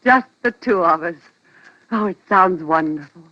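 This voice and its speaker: A woman's voice: lowish voice, animated, moderate pace, bright, forceful tone. An actress playing a clingy, possessive wife in a 1940s radio drama, talking in a sweetly smothering way. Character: clingy devoted wife, adult woman. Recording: lo-fi old radio broadcast.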